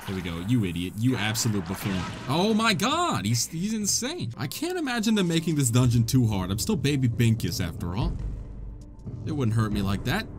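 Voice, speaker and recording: Lively wisecracking man playing a game. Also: mid-range voice, normal speed, over music. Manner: jokey, wisecracking, laughs a lot. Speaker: gaming channel host. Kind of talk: let's play commentary.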